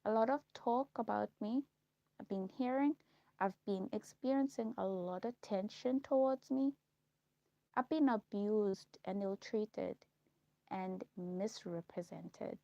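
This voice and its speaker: Slow gravelly woman on a live stream. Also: medium pitch, warm tone, no room sound, muffled recording. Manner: halting, repeats herself, slow and heavy. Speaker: livestream host. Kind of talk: personal monologue on a live stream.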